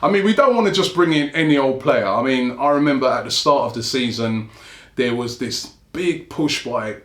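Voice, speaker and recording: A man hosting a fan show, running through viewer comments in a loose, chatty way and chuckling as he goes. His voice sits at an ordinary middle pitch. The recording has a clear roomy echo around it. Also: animated, normal speed, fairly bright tone. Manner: chatty, chuckles often between remarks. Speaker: fan channel host. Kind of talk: casual chat reading out viewer comments.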